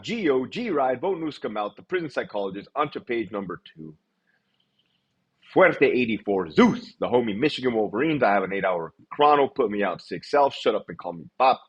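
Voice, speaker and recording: A man hosting a casual livestream, blunt and profane, rattling through shout-outs in a quick list. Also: fairly low pitch, slightly rough, muffled recording. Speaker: livestream host.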